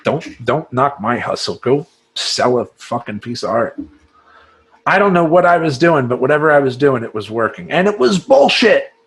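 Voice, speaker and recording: A man speaking as a life coach in a casual monologue to camera, rambling and profane, laughing often and slipping into mock voices. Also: fairly high pitch.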